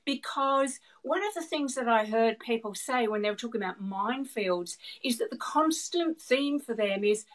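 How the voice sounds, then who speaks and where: A middle-aged woman with a New Zealand accent, a guest expert on a video call. She answers at length, in an animated way, laughing now and then and repeating words as she works out her thoughts. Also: on the high side, normal speed, few pauses, rough recording. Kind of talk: explanatory interview answers.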